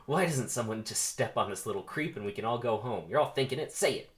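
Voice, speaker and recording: A man's voice: medium pitch, animated, quick pace, natural voice. A man reading the part of a volatile male movie star in a comedic script reading, hammy and mock-menacing. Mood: heated.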